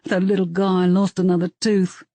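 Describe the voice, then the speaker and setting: A woman's voice: fairly low pitch, flat delivery, normal speed, mellow, no echo. A woman voicing a cheerful male werewolf family man who rambles on about his kids. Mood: chatty.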